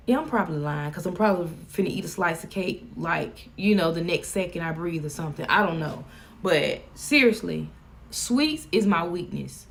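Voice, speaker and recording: A woman's voice: fairly low pitch, expressive, moderate pace, creaky, a little hiss or hum. A woman with a Southern US accent chatting casually on a live stream, folksy and joking. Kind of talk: casual chat.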